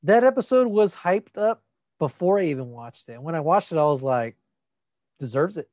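A man's voice: fairly high pitch, normal speed, a little mellow, no room sound. A man in casual chat about TV shows. He talks loosely, swears freely, and often repeats his words.

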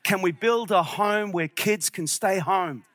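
Brief: passionate male pastor, sharp bright tone, dry close sound. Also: high-pitched, measured pace, no echo. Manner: passionate, at times shouting. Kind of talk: sermon.

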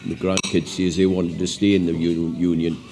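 Older man, 70s, low mellow voice, plainspoken opinionated pensioner. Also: level tone, normal speed. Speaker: pensioner interviewee. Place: outdoors on a misty hill pass.

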